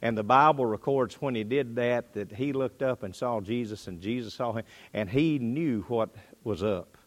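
A man preaching a sermon, swinging between loud bursts and quiet drops. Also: normal speed. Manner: dynamic delivery, pitch and volume rising and dropping.

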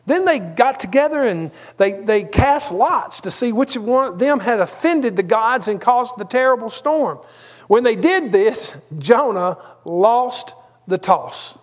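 A man's voice: very high voice, expressive, measured pace. A man preaching a sermon, telling a story conversationally with asides. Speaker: pastor.

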